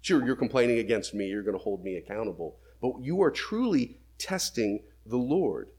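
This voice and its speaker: A man's voice: medium pitch, sing-song, moderate pace, a little mellow, breathy edge. A man preaching a sermon, reading scripture aloud and then explaining it with emphatic questions.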